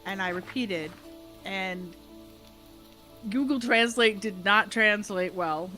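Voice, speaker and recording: A woman's voice: medium pitch, takes it slowly, sharp tone, faint music behind, low-quality recording. A woman streamer chatting casually while gaming, telling rambling stories full of restarts.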